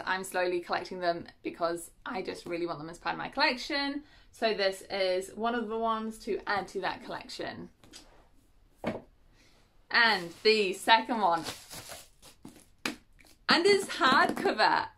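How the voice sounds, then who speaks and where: A woman's voice: medium pitch, sharp tone. A woman chatting casually as she unboxes books at home, correcting herself often and giggling. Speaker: book vlogger.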